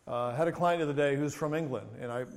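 Reverberant preaching man, higher-pitched. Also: very fast, darkish tone. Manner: preaching with rising emphasis, reading scripture aloud; chatty humorous asides. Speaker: pastor. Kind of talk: sermon. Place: church sanctuary. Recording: reverberant church hall.

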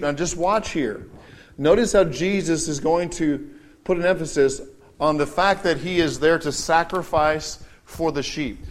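Male pastor, sermon delivery, earnest, slightly high-pitched, reads Scripture with slow emphasis. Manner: earnest preaching with Scripture readings, slowing for emphasis.

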